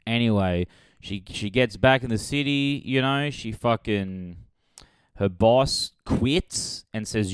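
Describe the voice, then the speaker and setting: A man hosting a comedy podcast, rambling through a sarcastic movie pitch in a deadpan way, with sudden loud jumps. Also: unhurried, clean tone, no echo, clean studio sound.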